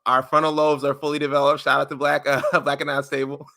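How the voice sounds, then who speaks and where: A man's voice: fairly high pitch, monotone, fast talker, vocal fry, bright, forceful tone, no room sound, studio quality. A man co-hosting a podcast in casual chat, joking loosely as he reads out listener answers. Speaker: podcast co-host.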